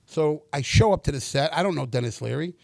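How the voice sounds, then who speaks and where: A middle-aged actor telling stories in a casual interview, animated, acting out the dialogue and swearing freely. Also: male voice, fairly high pitch, brisk, creaky, dry recording, studio quality.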